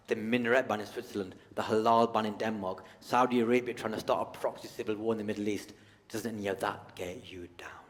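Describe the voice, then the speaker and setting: British guy doing standup in a big hall, lively, bursts into shouting, long reverb. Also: mid-range voice. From United Kingdom. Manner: animated, shifts to shouted outbursts for acted rants. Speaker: stand-up comedian. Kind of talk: live stand-up comedy. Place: large theatre stage with live audience.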